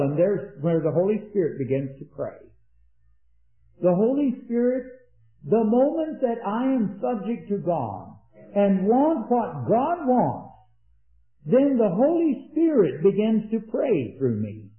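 A man preaching an earnest sermon, rising to emphatic peaks and dropping into quiet anecdotes. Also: sits high, big pitch swings, a little slow. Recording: echoey, tinny old sermon recording.

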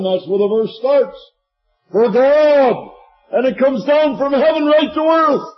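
A man in his sixties preaching a sermon, swinging from hushed, drawn-out words to shouting. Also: extremely high pitch, dull audio. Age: 60s.

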